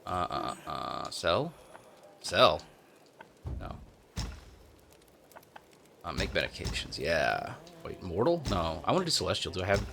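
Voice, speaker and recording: A man's voice: sits low, wildly swooping pitch, moderate pace, vocal fry, long pauses, fairly bright tone, slight background noise. A man hosting a let's play, talking casually and rambling as he thinks aloud, sounding tired. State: tired, yawning. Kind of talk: casual gameplay commentary.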